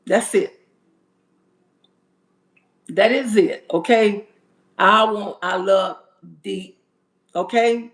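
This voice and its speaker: A man's voice: high-pitched, steady tone, very slow, pauses often, a bit bright. A man ranting on a livestream to viewers, sassy and emphatic, calling them "honey" and asking "okay?". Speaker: livestream host. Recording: roomy echo.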